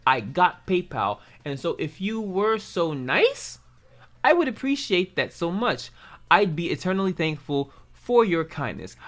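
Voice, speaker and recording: A man's voice: on the high side, a bit bright. Man reading out a pleading male scammer. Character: pleading young male scammer begging for money.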